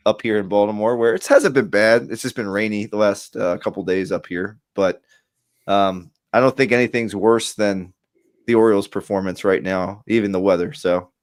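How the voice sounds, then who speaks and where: A man's voice: lowish voice, steady tone, normal speed, dry recording, studio quality. A man hosting a sports podcast, easygoing and joking in casual chat. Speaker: podcast host.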